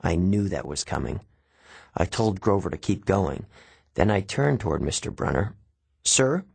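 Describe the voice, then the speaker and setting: Husky, lively male audiobook narrator. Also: sits low, moderate pace, no room sound. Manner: casual, conversational teen voice. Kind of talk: first-person novel narration.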